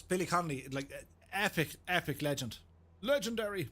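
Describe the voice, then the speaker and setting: A man's voice: sits high, animated, fast, fairly bright tone. An Irish man streaming a game, chatting casually and joking about impressions, laughing often. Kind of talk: casual live-stream chat.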